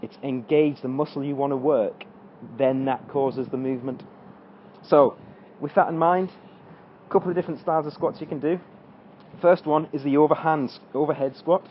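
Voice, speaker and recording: A man's voice: a little high, fairly even intonation, normal speed, muffled recording, a little hiss or hum. A man coaching an exercise tutorial, talking through squats as he demonstrates them and straining during the reps. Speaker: fitness coach.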